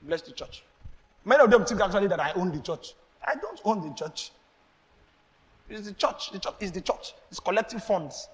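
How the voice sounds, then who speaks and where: Preaching at a moderate pace, a pastor with a high-pitched, bright, carrying voice gives an animated sermon. He acts out exchanges with big swings in pitch and laughs between points, while the church hall adds a long, ringing reverb.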